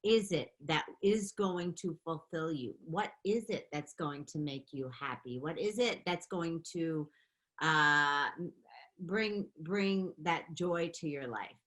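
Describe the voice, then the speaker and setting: A middle-aged woman telling stories in a casual interview, animated and quick to laugh. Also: sits low. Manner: animated, laughing, chatty storytelling. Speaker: interview guest, makeup artist and beauty founder.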